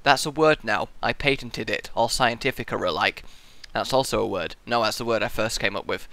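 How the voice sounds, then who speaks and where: A young man hosting a viewer question show in casual chat, rambling and goofy with sudden loud outbursts, sleep-deprived and muddled. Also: fairly low pitch, fairly quick, no echo. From England. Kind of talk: casual audio-only chat. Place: hot room at home.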